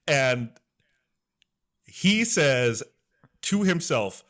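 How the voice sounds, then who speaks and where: A young adult man recaps a story on a casual podcast, his voice sitting in an ordinary middle range. He tells it with animated, emotional storytelling. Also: medium pitch, measured pace. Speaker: podcast co-host.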